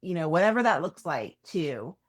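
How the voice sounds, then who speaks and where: A woman with a fairly low voice hosts a podcast interview. She is affirming and conversational, chiming in with agreement and steering the talk with questions. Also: big pitch swings, moderate pace. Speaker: podcast host.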